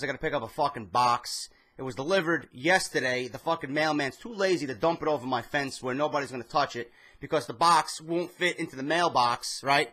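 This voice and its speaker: Swearing New guy, bright tense voice. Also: a little high. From New York. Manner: heated, swears constantly, storytelling rant. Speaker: wrestling commentary vlogger. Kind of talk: profane ranting monologue.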